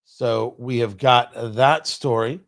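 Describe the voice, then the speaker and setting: A man's voice: mid-range voice, steady tone, takes it slowly, gravelly. A middle-aged man hosting a political commentary livestream, firing off sarcastic, heated rhetorical questions. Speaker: talk show host.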